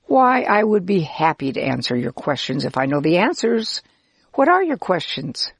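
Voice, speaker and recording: A woman's voice: fairly low pitch, sing-song, moderate pace, husky, no room sound, clean studio sound, exaggerated voice. A woman voicing a friendly, helpful Israelite man who cheerfully explains camp life in a children's story. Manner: kindly, cheerful, explaining patiently.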